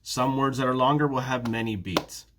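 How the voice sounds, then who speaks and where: Man teaching a slow, careful English lesson. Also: mid-range voice, background noise. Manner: slow, careful, repeats words for students. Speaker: ESL teacher. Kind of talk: prerecorded beginner lesson.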